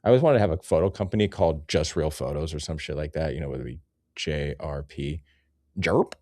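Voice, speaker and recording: A man's voice: rumbling low, quick pace, warm tone, dry recording, clean studio sound. A man hosting a rambling, profane comedy commentary over nature photos, easily sidetracked and loose in his talk. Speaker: host.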